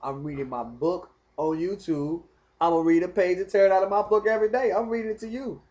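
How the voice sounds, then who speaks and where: A man telling a rambling personal story in casual, animated talk. He speaks straight to the viewer and keeps asking whether they follow. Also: sits high, fast talker, highs cut off. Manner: animated, talks straight to the viewer, keeps asking "you know what I mean". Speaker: vlogger telling his story.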